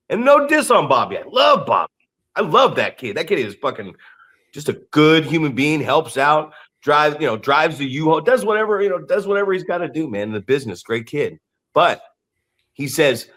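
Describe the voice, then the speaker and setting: A man co-hosting a podcast in casual chat, his voice sitting a touch high. He tells profane, animated stories, acting out what other people said. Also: normal speed. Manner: profane, animated storytelling with acted-out quotes. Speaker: podcast co-host.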